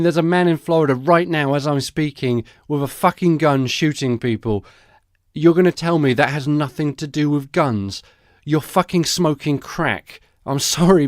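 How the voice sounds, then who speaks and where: A man's voice: on the high side, normal speed, no room sound, clean studio sound. Sarcastic, swearing male podcaster. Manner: sarcastic, profane, conversational. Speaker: podcast host. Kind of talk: solo news-comedy podcast commentary.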